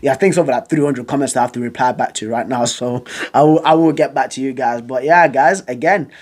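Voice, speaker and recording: A man's voice: medium pitch, fast, darkish tone. A young man vlogging casually about football, rambling and stuttering, with giggles, side tangents and lots of slang. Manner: slangy, calls viewers bro and fam. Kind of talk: casual chat to camera.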